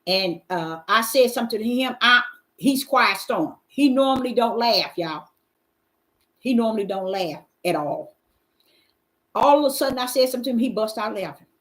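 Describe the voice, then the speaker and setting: A woman's voice: a little high, animated, normal speed. A middle-aged woman hosting a Bible question session, preaching in a folksy, emphatic way and calling out to her listeners. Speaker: host answering Bible questions. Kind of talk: informal preaching to a live audience.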